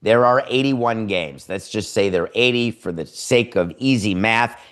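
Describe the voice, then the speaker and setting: A man hosting a sports talk show, giving opinionated commentary. He lectures emphatically, stretches words to make a point, and fires off rhetorical questions and quick asides. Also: on the low side, fairly bright tone. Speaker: podcast host.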